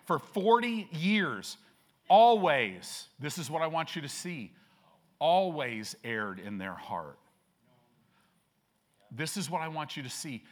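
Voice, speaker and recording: A man's voice: a little high, sing-song, slow pace, pauses often. An older male pastor preaching in a church, telling stories conversationally and building up to emphatic declarations. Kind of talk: sermon. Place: church sanctuary.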